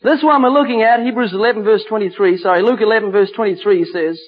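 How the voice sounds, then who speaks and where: Male preacher, very high husky voice, emphatic sermon delivery, lo-fi dull recording. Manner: emphatic, slows down to stress scripture. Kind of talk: sermon with storytelling.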